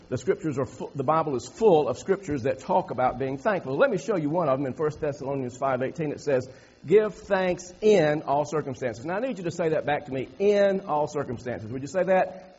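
A man's voice: a little high, darkish tone, slightly rough, dull audio. A man pastor giving a sermon in a church, folksy, repeating phrases and building to emphatic preaching. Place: church sanctuary.

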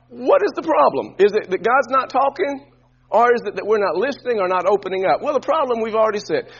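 A man preaching a sermon, leading the congregation in call-and-response and swinging between quiet asides and shouted emphasis. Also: high voice, slightly rough, highs cut off.

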